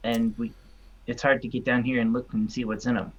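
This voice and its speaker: A man's voice: medium pitch, level tone, a little fast, breathy edge, muffled recording. A man playing a tabletop game, chatty and thinking aloud as he moves. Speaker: player.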